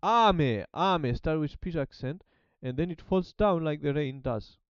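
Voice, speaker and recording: A native Greek speaker from Greece, with a Greek accent, casually documents his language study, thinking aloud and restarting often. His voice is a little high, clear and resonant, slightly mellow, at a moderate pace, in a dry, dull-sounding recording.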